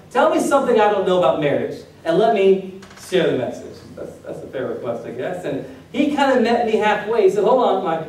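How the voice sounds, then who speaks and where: A man's voice: a little high, darkish tone. A man pastor giving a casual, joking sermon, asking the congregation questions as he goes. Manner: conversational, joking with the congregation, asks them questions. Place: church sanctuary. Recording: echoey hall recorded from far off.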